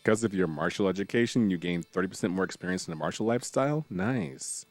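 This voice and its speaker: This low-voiced man talks fast with noticeable vocal fry over soft background music. While playing a strategy game on stream, he reads tutorial text aloud, cracks jokes with viewers, and erupts in bursts of excitement.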